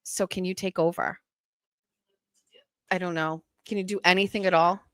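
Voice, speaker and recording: A woman's voice: on the low side, steady tone, moderate pace, a bit bright, no room sound. A woman hosting a casual livestream chat, chatty and teasing about her husband. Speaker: host.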